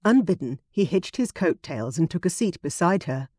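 A woman narrating a period romance audiobook in a measured, expressive studio reading. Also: lowish voice, breathy edge, no room sound.

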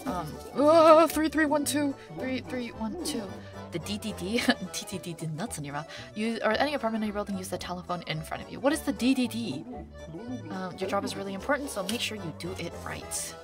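Young woman streamer reading game text, mumbly then flustered, lots of ums, mid-pitched voice. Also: expressive, fast, over music. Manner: scattered and chatty, many ums, gets flustered; reads on-screen instructions in a mumbly undertone. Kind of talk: live gameplay commentary, reading game text aloud.

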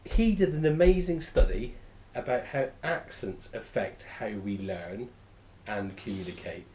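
A man's voice: medium pitch, unhurried, dark tone. A man teaching a class, enthusiastic and rambling, often correcting himself mid-sentence. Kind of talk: classroom lecture. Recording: echoey room.

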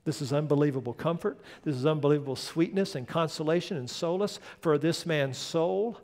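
A male pastor delivers a sermon with a high, lifting voice, pressing hard on key words. He builds to loud, ringing peaks and then falls to a near hush. His voice trails off in the long reverb of a large church hall. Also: brisk. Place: church sanctuary.

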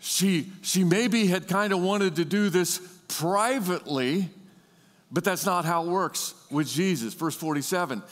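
A man's voice: sits high, unhurried. Man preaching in a reverberant church. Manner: animated preaching, leads the congregation in repeating words. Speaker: pastor. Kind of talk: sermon. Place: large church hall. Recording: church hall with long reverb.

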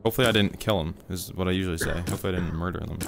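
A man's voice: low-pitched, very fast, gravelly, a little hiss or hum. A man streaming a game, chatting casually and rambling to his teammate and viewers on a headset mic. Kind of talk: casual livestream gaming chat.

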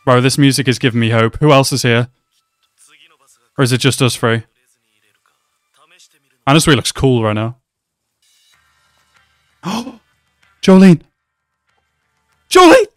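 Smooth-voiced young man reacting to anime. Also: medium pitch, moderate pace, pauses often, no room sound, studio quality, soft background music. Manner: excitable, gasping and shouting, then reflective and subdued.

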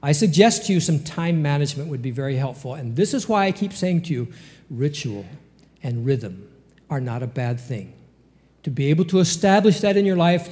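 A male pastor preaching with an animated, fairly high voice that leaps up and drops back down between rhetorical questions. His voice rings out in a church hall with a long reverb tail. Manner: lively preaching with sudden pitch jumps and rhetorical questions. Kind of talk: sermon. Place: church sanctuary.

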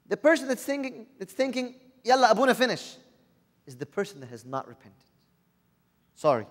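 High-voiced man preaching in a reverberant hall. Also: very animated, fairly quick. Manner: earnest, asks the listeners rhetorical questions. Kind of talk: sermon. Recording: long reverb of a large hall.

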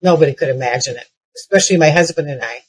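A woman's voice: sits low, very fast, husky, poor audio. An older woman giving a keynote talk, telling humorous personal stories that build to punchlines. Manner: lively, punchline-driven anecdotes with frequent restarts. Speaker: keynote speaker. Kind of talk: comedic storytelling keynote.

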